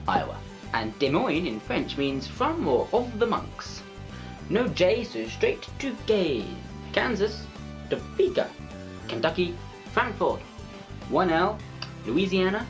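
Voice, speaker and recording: A man's voice: sits high, very animated, measured pace, over music. A man narrating an educational video with playful, chatty, self-mocking asides. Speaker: video creator.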